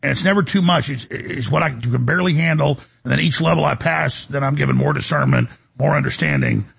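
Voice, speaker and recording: Gravelly, raspy-voiced male talk show host. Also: fairly high pitch, brisk, fairly bright tone. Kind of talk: conversational interview.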